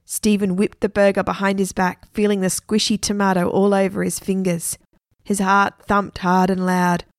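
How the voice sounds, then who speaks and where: A woman storyteller reading a children's adventure story aloud with lively expression. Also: medium pitch, moderate pace, dry recording, studio quality.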